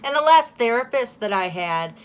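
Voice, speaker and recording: Candid, halting woman vlogger. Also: fairly high pitch, expressive, clean tone. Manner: candid and halting, with many fillers and restarts. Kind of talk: casual confessional monologue.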